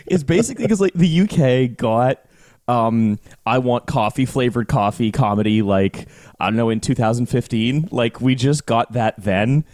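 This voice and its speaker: A man's voice: mid-range voice, a little mellow, no echo, studio quality. A man hosting a comedy podcast, rambling and stammering in casual banter. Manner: rambling, stammering, quick to laugh. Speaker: podcast host.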